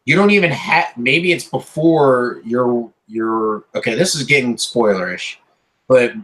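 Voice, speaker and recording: Guy cohosting a gamer podcast, bright forceful voice, rambly and excited. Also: medium pitch, a little slow, low-quality recording. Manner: rambling, excited gamer talk with many restarts. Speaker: podcast co-host. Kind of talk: casual chat.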